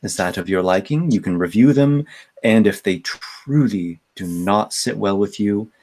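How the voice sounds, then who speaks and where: A man's voice: fairly low pitch, measured pace, a little mellow. A man voicing a gracious, persuasive madam who hosts paying guests, speaking courteously in a tabletop game. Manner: smooth, courteous, persuasive host talk. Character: gracious female madam of a house.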